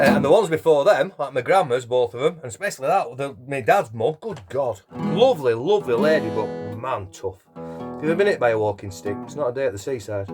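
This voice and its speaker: A man in his fifties, a singer and busker chatting casually between songs at a home lockdown gig, rambling and self-deprecating with cheeky swearing. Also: medium pitch. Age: 50s. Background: guitar.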